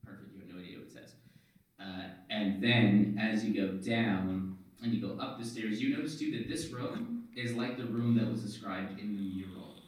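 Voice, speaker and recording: A man with a low voice runs a tabletop game. He rambles playfully through scene descriptions with fillers. He sounds distant from the mic in a strongly echoing room. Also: fairly even intonation, normal speed. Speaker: game master. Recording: very echoey room, far from mic.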